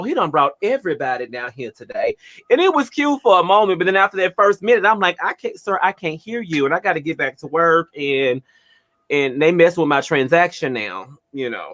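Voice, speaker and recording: Brief: a lively, dramatic man telling stories on a radio show, bright voice that swings widely. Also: fairly high pitch. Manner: animated, theatrical. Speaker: radio co-host. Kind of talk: casual storytelling chat.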